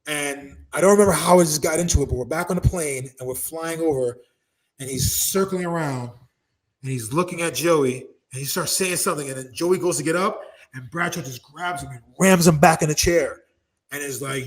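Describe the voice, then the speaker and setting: A man telling a rowdy backstage story as an interview guest, swearing freely and acting out the people in it with loud shouts and laughter. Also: on the high side, fairly quick, rough recording. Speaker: interview guest, former wrestler. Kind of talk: animated storytelling.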